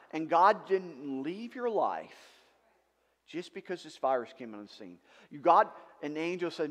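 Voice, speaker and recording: A male pastor preaching a sermon in an animated way, with rhetorical questions and emphatic outbursts. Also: medium pitch, in a large hall. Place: church sanctuary.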